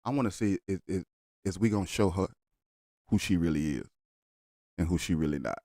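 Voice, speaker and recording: Blunt low-voiced man ranting. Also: fairly quick, dark tone, no room sound, clean studio sound. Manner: blunt, heated, argumentative. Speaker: reaction video host. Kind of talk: casual reaction commentary.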